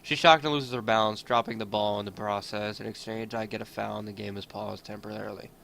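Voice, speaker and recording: A man's voice: fairly low pitch, steady tone, fast talker, vocal fry, a bit bright, a little hiss or hum. A man reading a visual novel aloud in first person, adding his own asides. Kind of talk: reading game text aloud.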